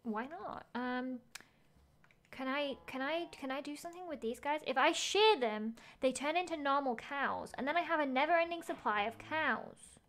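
A woman's voice: sits high, normal speed, fairly bright tone. A woman game streamer chatting casually as she plays, thinking aloud, gasping at finds and reading chat messages.

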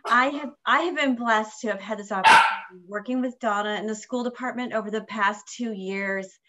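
A woman's voice: fairly high pitch, a little fast, very noisy. A woman on a video call giving an earnest farewell tribute to a colleague. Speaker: school department colleague.

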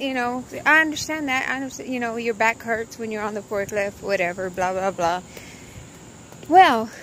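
A woman's voice: a little high, a bit bright, a little hiss or hum, rough recording. A young woman, rambling through a casual vlog from her car with lots of fillers. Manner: rambling storytelling with many fillers. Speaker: vlogger. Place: in her car before work.

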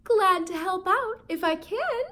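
A woman reading a storybook aloud, voicing a small, eager male pet hamster with a bright, squeaky manner. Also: expressive, measured pace, heavily acted. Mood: cheerful.

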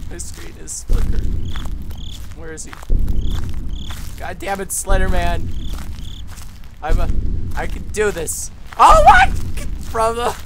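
Jumpy man over loud background noise. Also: high voice, steady tone, slow pace, pauses often. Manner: jumpy, nervous, blurts out exclamations and curses. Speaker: gamer playing a horror game. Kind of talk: let's play commentary.

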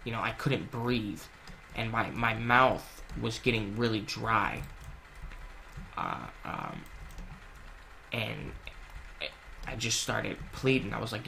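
Playing a game, a man who hosts a gaming channel tells a heartfelt, confessional personal story, casual and full of swearing, fillers, and restarts. His fairly low voice is expressive, slow, and gravelly, bright and forceful, broken by frequent pauses, with a bit of hiss or hum behind it.

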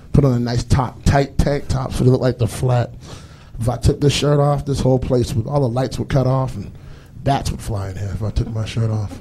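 A man's voice: mid-range voice, dark tone, a little hiss or hum. A man doing a loose, rambling stand-up comedy set on stage, acting out voices as he goes. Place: comedy stage before a live audience.

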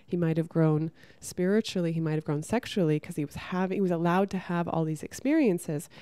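A woman talking casually to camera about spiritual growth, chatty and soft, often saying "like" and restarting her sentences. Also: on the low side, brisk, clear, resonant tone, dry recording. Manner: chatty, many "like" fillers and restarts.

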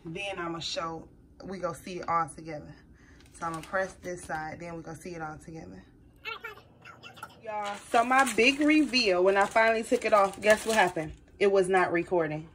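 A woman's voice: mid-range voice, normal speed, a bit bright. Nervous chatty woman vlogger. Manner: nervous, chatty, addresses viewers as y'all. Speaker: crafting vlogger. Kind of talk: casual tutorial chat to viewers. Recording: slightly distant mic with faint noise.

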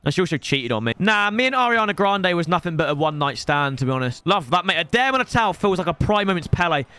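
Rowdy young gamer, high and bright. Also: male voice, fast talker, clear, resonant tone. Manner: excitable, joking banter with bursts of yelling. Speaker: gaming YouTuber. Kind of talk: live gameplay commentary.

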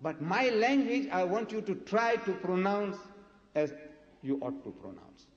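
A man speaking at a public debate in a lecture hall, emphatic and rhetorical, repeatedly challenging the crowd with questions. His voice sits a little high for a man. The sound is dull and lo-fi, with long reverb from a large, echoey hall. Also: very animated, a little slow. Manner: rhetorical, emphatic, quizzes the audience. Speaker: debater addressing an audience. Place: lecture hall before a live audience.

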